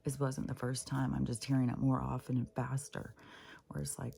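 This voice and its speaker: A woman with a gravelly, husky voice rambles on in a casual solo vlog. Her tone sits dark and mellow, and she swears freely as she vents, now and then sinking into a whisper. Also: a bass voice, monotone, moderate pace. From Pacific Northwest of the US. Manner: profane, irritated venting, trailing into whispers. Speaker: spiritual vlogger.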